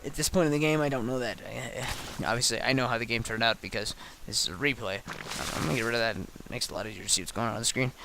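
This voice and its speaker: A man's voice: mid-range voice, creaky, background noise. A tired man who has been up all night, casually talking through his own game replay with lots of ums and restarts. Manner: halting, many ums and restarts.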